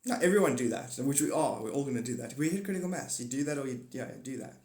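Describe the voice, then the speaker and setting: A man's voice: medium pitch, animated, fast talker, a little mellow. A man hosting a livestream, rambling through a monologue and answering chat comments aloud. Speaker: livestream host. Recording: echoey room.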